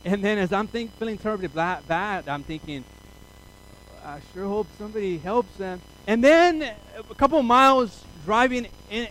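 Male preacher, high voice, lively storytelling sermon, faint background hum. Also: poor audio. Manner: animated storytelling, acts out his own inner voice. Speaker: pastor.

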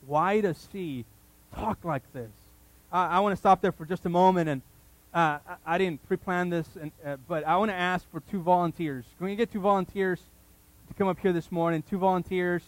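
A man preaching a sermon to his congregation, telling the story in an animated, joking way with many restarts. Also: sits high, a little fast, no room sound, low-quality recording. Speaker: pastor. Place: church service before a congregation.

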